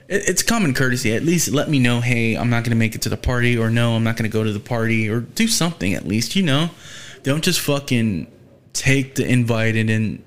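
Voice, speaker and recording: A young man hosting a podcast, talking in a loose, rambling way. He swears freely and vents his annoyance in casual chat, with a voice of middling pitch for a man. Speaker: podcast host.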